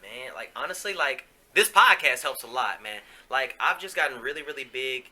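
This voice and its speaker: Bright-voiced man telling a raw story. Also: medium pitch, lively intonation, moderate pace. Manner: casual, profane, confessional, many fillers. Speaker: podcast host. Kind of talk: candid personal storytelling.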